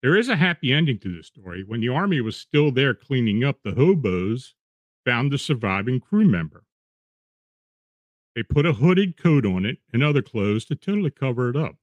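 A man reading eerie true accounts aloud in a steady, measured storytelling voice, with the odd restart. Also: mid-range voice, no room sound, lo-fi sound. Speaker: narrator reading paranormal accounts.

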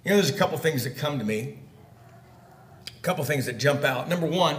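A man preaching a sermon, putting direct questions to his listeners and swinging between loud emphasis and hushed, quiet lines. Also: fairly high pitch, lively intonation, a little fast, roomy sound.

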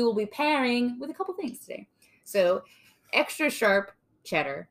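A woman's voice: on the high side, animated, moderate pace. A woman hosting a casual podcast, reading aloud with playful, jokey asides. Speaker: podcast host.

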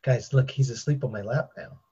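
A man's voice: mid-range voice, fairly quick, dark tone, highs cut off. A man performing improv comedy in a laid-back, amused way.

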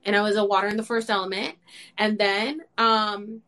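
Young woman, host, excitable, swears a lot, heavy filler words, mid pitch. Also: normal speed. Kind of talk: casual chat.

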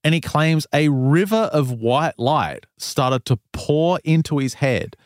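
A man's voice: a little high, slow pace, dry recording. Guy telling a wild story on a podcast, laughs a lot, dry close sound. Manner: animated retelling, laughs often, loose fillers. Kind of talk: casual storytelling chat.

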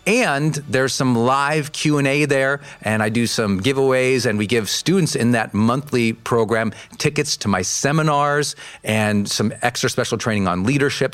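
A man's voice: mid-range voice, a bit bright. A man hosting his podcast, delivering an upbeat, eager outro. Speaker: podcast host.

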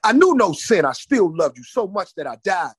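A man's voice: high voice, normal speed, slightly rough, no room sound, studio quality, full character voice. A man voicing the solemn, loving divine voice of a male savior speaking to him. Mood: tender solemn. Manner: calm, solemn, loving reassurance.

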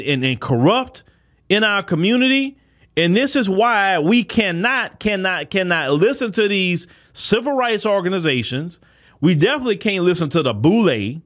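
A man with a high voice runs his own podcast. He preaches in a heated commentary, circling back over the same points and calling out directly to his listeners. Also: a bit bright. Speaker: podcast host. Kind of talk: impassioned commentary monologue.

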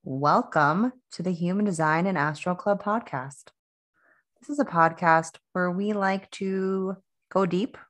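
A woman's voice: on the low side, measured pace. A woman in her thirties co-hosting a casual spiritual podcast, talking in a chatty, rambling way with restarts and laughs. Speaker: podcast co-host.

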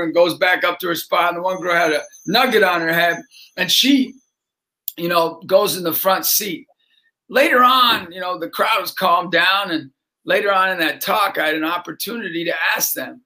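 A man's voice: sits high, moderate pace. A middle-aged man, a motivational speaker and basketball coach, telling a story with lots of energy and acting out the voices of the people in it. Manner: acts out voices in his stories, shouting and laughing. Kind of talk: animated storytelling.

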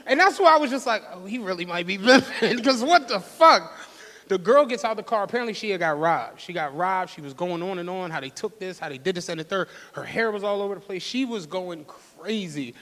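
A man, co-hosting a live podcast and telling animated, laughing stories before an audience. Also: high voice, a little fast. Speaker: podcast co-host. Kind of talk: casual storytelling on a live podcast. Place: studio venue with a live audience. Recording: long reverb of a live venue.

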